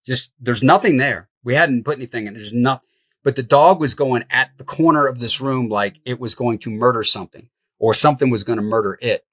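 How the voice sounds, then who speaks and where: Middle-aged male guest, lively raconteur with a mid-range voice, dry close sound. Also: medium pitch, fairly quick, dry recording. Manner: animated, laughs through the tale. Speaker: podcast guest, house flipper. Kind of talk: storytelling in an interview.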